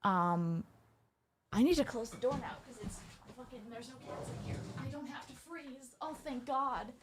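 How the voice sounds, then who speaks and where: An excitable woman streamer, chatting casually from home as she reacts to a game. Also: high-pitched, normal speed, noisy background. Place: home room.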